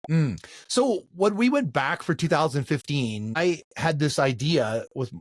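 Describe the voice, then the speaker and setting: A man's voice: on the high side, animated, a little slow, no room sound, clean studio sound. A middle-aged man, the guest on an interview, recounting events with a storyteller's manner, restarts and fillers. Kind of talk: conversational interview.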